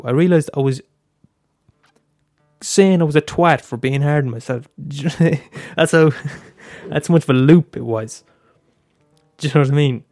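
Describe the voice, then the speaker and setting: A young Irish man hosting his own podcast in a relaxed, open way, swearing often and tripping into stammered restarts. His voice sits in a middle pitch, recorded dry and close with no room sound. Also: moderate pace, dry recording, soft background music. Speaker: podcast host. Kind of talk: casual solo podcast talk.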